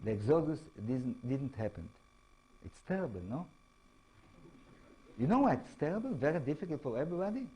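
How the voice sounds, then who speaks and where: A man with an Israeli accent lecturing as an author, speaking halting English and often checking in with tag questions. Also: a little high, very animated, mellow, breathy edge, low-quality recording. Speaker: author giving a talk. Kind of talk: lecture to an audience.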